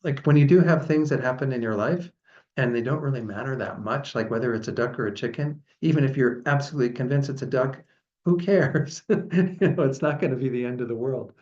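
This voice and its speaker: A man, a Buddhist teacher, giving a relaxed, chatty dharma talk with frequent laughs. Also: mid-range voice, fairly quick. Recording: dull lo-fi sound.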